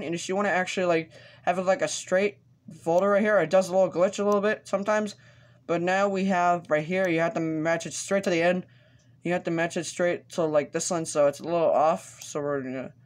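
In this casual screen recording, a male tutorial host with a high-sitting voice explains a piece of software step by step. His speech is halting and full of fillers and restarts.

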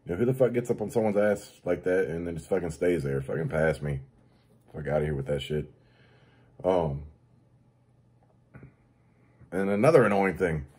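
A man's voice: animated, moderate pace, long pauses, darkish tone, breathy edge. A man hosting his own show, ranting crudely with constant swearing and mocking impressions of other people. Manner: rants about daily annoyances, mimics others in high voice. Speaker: show host. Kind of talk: profane comedic rant.

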